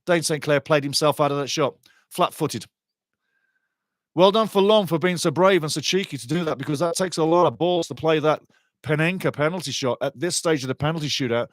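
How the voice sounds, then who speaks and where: A man calls a soccer match live as a passionate fan. His voice sits a little high and swings from low muttering to excited shouting. The sound is dry and close, with no room echo. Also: fairly quick. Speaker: live watchalong commentator.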